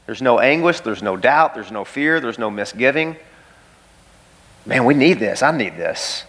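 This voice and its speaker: A man's voice: mid-range voice, expressive, a little slow, a bit bright. A pastor preaching an emphatic sermon in a church, repeating key phrases and speaking straight to his listeners.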